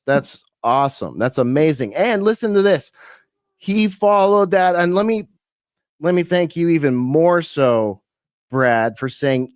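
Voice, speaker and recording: A man's voice: medium pitch, dry recording, studio quality. A man from California hosting a live-streamed radio show, rambling casually with lots of fillers and the odd swear.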